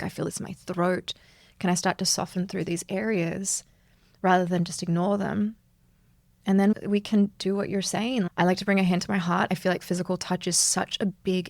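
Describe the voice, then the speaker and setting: A woman speaks in a reflective interview, earnest and animated, laughing often. Her voice has a gravelly, fry-tinged edge. The sound is close and dry. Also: medium pitch, no echo. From Australia. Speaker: yoga instructor, guest.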